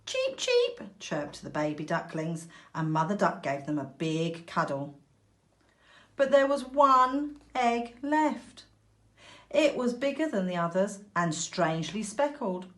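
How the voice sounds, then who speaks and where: A woman teacher reading a picture book aloud to young children, slow, clear and expressive. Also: on the low side.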